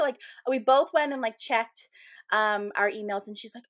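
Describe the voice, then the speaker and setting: An animated woman co-hosting a casual podcast chat. She tells her stories with energy and acts out the people she quotes. Her voice sits a little high. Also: moderate pace, no echo. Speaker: podcast co-host, medium.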